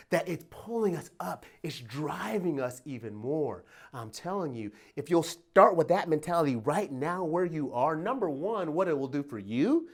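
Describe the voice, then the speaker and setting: Animated middle-aged motivational speaker man. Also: fairly high pitch. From Detroit, USA. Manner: animated, emphatic, folksy, laughs often, asks "right?". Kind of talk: motivational talk. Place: workplace event room.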